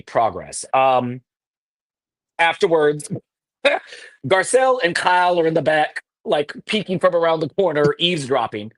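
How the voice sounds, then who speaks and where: A host recapping a reality TV episode on a live show, animated and laughing often. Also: medium pitch, no room sound. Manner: animated storytelling with acted quotes. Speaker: podcast host.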